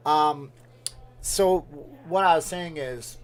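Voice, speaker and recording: A man's voice: a little high, slow pace, smooth. A man hosting a casual livestream, rambling and joking as he reads out viewer comments. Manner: rambling, jokey, responds to chat. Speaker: livestream host. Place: Las Vegas.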